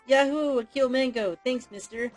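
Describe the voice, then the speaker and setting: A squealing, high-pitched little bomb boy from a game, eager and excitable, as a man puts him on. The voice leaps way up above the speaker's own, with a faint music bed behind. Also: normal speed. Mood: excited.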